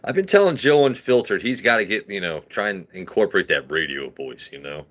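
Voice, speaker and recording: A man's voice: low voice, expressive, brisk, a bit bright. Crude rambling male streamer. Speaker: livestream host. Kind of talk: casual livestream chat.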